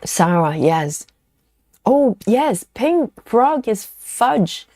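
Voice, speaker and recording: A woman hosts a relaxed live stream, chatting away and reading out her viewers' comments. Her voice has a gravelly edge of fry. The sound is close and dry, with no room echo. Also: a little high, very slow. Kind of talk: casual live-stream chat.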